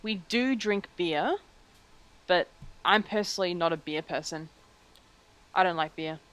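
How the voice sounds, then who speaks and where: A woman's voice: on the low side, measured pace, a bit bright, rough recording. Laughing, foul-mouthed Australian woman. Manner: joking, swears freely, laughs often. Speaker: interviewee. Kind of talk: casual chat.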